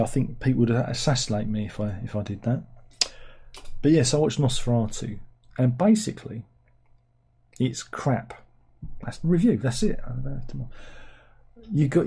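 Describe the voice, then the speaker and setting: A man's voice: medium pitch, warm tone, breathy edge. A man giving a casual film review, blunt and sarcastic, rambling from one aside to the next.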